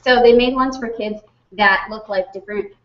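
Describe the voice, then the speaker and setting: A woman's voice: medium pitch, steady tone, moderate pace, recorded from a distance, dull audio. A woman co-hosting a casual talk show, chatty with wry asides. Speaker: co-host. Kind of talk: casual chat.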